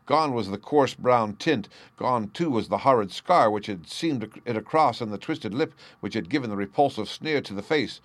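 A man reading a classic story aloud as narrator, steady and unhurried. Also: medium pitch, no echo. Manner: steady, unhurried, slows on key phrases. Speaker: audiobook reader.

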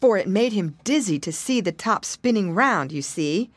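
A woman reads a children's story aloud, her voice rising and falling with lively, playful expression. Her pitch sits in an ordinary middle range. The recording is dry and close, with no room sound. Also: moderate pace, dry recording. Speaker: audiobook reader. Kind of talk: storybook narration.

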